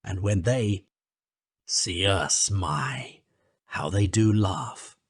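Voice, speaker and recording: Man playing a grumpy small mole, storybook, low husky voice. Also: lively intonation, drawn-out words, dry recording, clean studio sound, exaggerated voice. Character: grumpy, eager little male mole.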